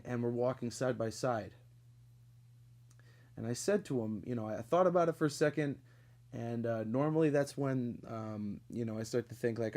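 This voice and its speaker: A man's voice: mid-range voice, darkish tone. A young man telling a long comic story in a casual, rambling way, swearing often and leaning on lots of fillers. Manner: rambling, profane, with frequent fillers. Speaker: podcast storyteller.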